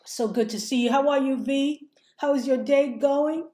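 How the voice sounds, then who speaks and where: A woman's voice: sits high, steady tone, moderate pace, mellow. A woman life coach giving a fiery, preachy motivational livestream talk, calling her listeners "my loves" and "honey," her voice a little strained. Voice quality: slightly strained voice. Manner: chants and sings short refrains. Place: home setup, streaming live. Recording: roomy echo.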